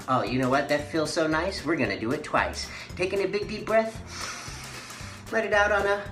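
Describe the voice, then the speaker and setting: A woman's voice: lowish voice, big pitch swings, normal speed. A woman teaching children a playful mime and movement lesson, giving sing-song, encouraging instructions. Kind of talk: guided movement lesson for kids. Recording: echoey room with faint music.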